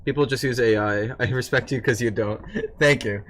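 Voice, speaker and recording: Man, live streamer, casual chat, swears a lot, grumbles, mid-pitched, faint background hiss. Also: normal speed, fairly bright tone. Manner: teasing his dog, then griping about tedious work, swearing casually.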